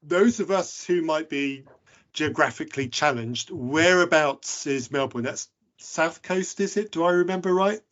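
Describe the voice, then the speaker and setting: A man's voice: a little high, unhurried, a bit bright, highs cut off. Playful male podcast host. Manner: playful, jokey, enthusiastic. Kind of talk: podcast interview.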